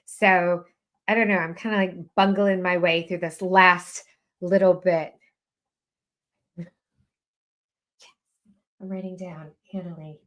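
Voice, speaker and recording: A woman's voice: on the low side, steady tone, slow pace, long pauses, lo-fi sound. A woman hosting a live writing sprint stream, chatting casually and self-deprecatingly as she reads out viewers' updates.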